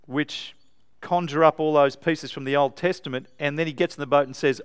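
A man preaching an animated, emphatic sermon to a live congregation in a church. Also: a little high, a little slow, smooth.

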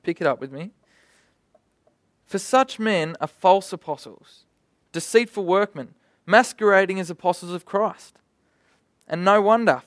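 A young man delivers a sermon in an animated, conversational manner, dropping in vivid asides. His voice sits a little high for a man. The sound is close and dry, with almost no room around it. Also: no room sound. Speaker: preacher.

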